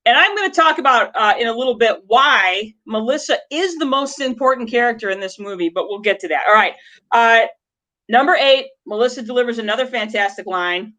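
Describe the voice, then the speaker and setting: Gal co-hosting a movie chat, rambly and excited, highish voice. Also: female voice, fairly quick. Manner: chatty, enthusiastic, rambling. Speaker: co-host. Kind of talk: casual podcast chat about a movie.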